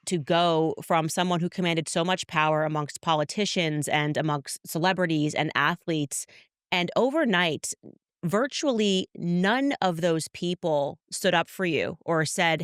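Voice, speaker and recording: A woman's voice: deep voice, a bit bright, no room sound, clean studio sound. A woman hosting a podcast, questioning her guest in a direct, opinionated way. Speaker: podcast host, interviewer. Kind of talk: interview questions.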